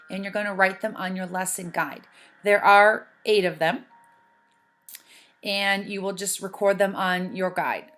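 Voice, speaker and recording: Woman teacher narrating a recorded lesson, measured and clear, faint music underneath. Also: mid-range voice, fairly bright tone. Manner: slow, clear and deliberate, spelling out sounds.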